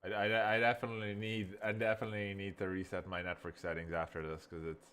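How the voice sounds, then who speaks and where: A man casually reviewing software while thinking aloud, rambling as he goes. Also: on the low side, level tone, fast, clear, resonant tone. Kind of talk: casual screen-recording review.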